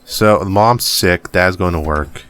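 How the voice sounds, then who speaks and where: A man giving casual, relaxed commentary while playing a game. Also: low-pitched, a little slow, clear, resonant tone. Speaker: gaming channel host.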